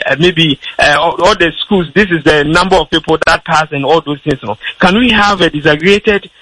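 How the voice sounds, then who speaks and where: A man speaks as a guest on a radio discussion, pressing his point hard through fillers and false starts. His voice sits a little high and sounds bright but husky. It is recorded close and dry, with no room sound. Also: dry recording, rough recording. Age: adult with a school-age child. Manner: argumentative, many restarts and fillers. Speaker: radio talk show guest.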